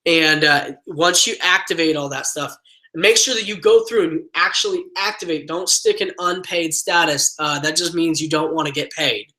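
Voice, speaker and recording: Male online trainer, bright, upbeat motivational delivery, loose and filler-heavy. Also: on the high side, normal speed, low-quality recording. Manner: energetic motivational coaching, many fillers. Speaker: team trainer. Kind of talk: live online training webinar.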